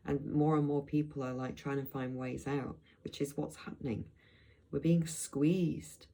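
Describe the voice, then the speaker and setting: A middle-aged woman from Blackpool rambles through a casual travel vlog. Her voice sits very low with a gravelly, fried texture. She talks loosely, drifting through asides and restarts. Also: fairly even intonation, unhurried, warm tone, rough recording. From England, Blackpool. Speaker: vlogger.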